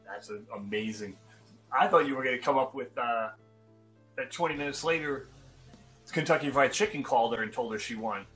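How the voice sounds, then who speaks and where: A man's voice: medium pitch, a little fast, fairly bright tone, soft background music, rough recording. A man co-hosting a podcast, reacting with amusement to a story. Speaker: podcast co-host. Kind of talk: casual chat.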